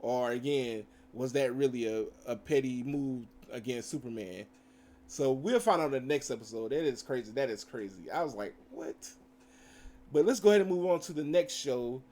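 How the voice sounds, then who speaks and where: Speaking briskly in a dark, medium-pitched voice with lively intonation, a male show reviewer casually retells cartoon episodes. His recap wanders, with acted-out quotes and plenty of filler words.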